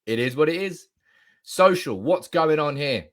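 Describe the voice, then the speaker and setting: A young man streams live from indoors as a football supporter, using a desk mic. He chats excitedly, reads comments aloud, and swears with bursts of shouting, his voice fairly high and his pace measured.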